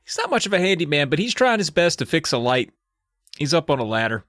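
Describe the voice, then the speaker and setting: Man, podcast co-host, animated storytelling, lively pitch, dry close sound. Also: fast, no echo. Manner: animated, slips into high squeaky kid voices for quotes. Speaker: podcast co-host retelling a book. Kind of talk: casual comedic recap.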